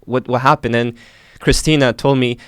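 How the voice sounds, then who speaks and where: A young man from Canada, a filmmaker earnestly retelling his arrest with animated, emotional storytelling. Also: medium pitch, moderate pace, smooth, dry recording. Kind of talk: emotional first-person storytelling.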